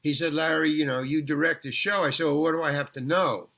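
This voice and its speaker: An older man telling long, meandering stories from a life in show business. His voice is bright and slightly high, and he stumbles and repeats words as he goes. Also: steady tone, creaky. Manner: rambling anecdotes with halting restarts. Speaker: guest actor telling stories. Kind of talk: casual storytelling interview.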